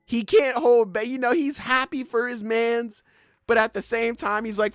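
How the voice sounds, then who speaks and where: A man's voice: very high voice, steady tone, moderate pace, a bit bright, no room sound, clean studio sound, soft background music. A young man hosting a podcast, chatting casually and acting out scenes with swearing and laughter. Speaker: podcast host. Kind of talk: casual chat.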